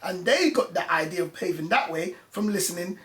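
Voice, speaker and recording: A man's voice: sits high, lively intonation, brisk, a bit bright, reverberant. A man, a former music journalist, talking as a guest in a casual conversation, telling his story with passion and animation.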